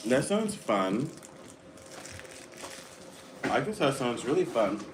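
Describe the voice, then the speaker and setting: A man's voice: mid-range voice, big pitch swings, background noise. A man in his twenties from Florida, eating on a live stream and chatting with viewers by name between bites. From Florida, United States. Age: 20s. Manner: chatty, reads out viewer names and questions; talks between bites, slow and playful. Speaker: mukbang streamer. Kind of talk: casual live chat while eating.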